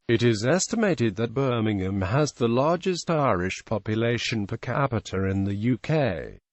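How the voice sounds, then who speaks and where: A man giving scripted, encyclopedic narration in a neutral, measured reading. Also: medium pitch, darkish tone, no echo.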